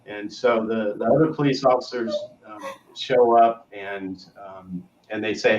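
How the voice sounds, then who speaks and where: A man's voice: lowish voice, fairly even intonation, unhurried, hardly any pauses, darkish tone, slight background noise. Male co-host, rambling storyteller, muffled lo-fi audio, off-mic. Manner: rambling, trailing off to a murmur. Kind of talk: casual storytelling. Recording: roomy, distant, dull lo-fi sound.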